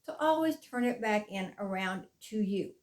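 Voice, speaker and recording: A middle-aged woman giving an earnest motivational talk as a mindfulness coach, stressing key phrases slowly. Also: medium pitch, lively intonation. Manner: earnest, emphatic, with slow deliberate stresses.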